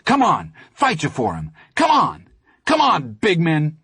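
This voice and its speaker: A man reading an audiobook, voicing a loud, reckless teenage boy who brays and taunts in a high voice. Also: moderate pace, creaky, no room sound, full character voice. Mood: taunting. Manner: braying, taunting. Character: loud wild-eyed teen boy, reckless and jeering.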